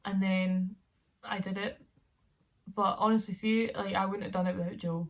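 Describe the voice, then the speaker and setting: Young woman, twenties, vlogger; casual, rambling, giggly storytelling at a mid pitch. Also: steady tone, fairly quick. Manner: chatty, rambling, laughs often.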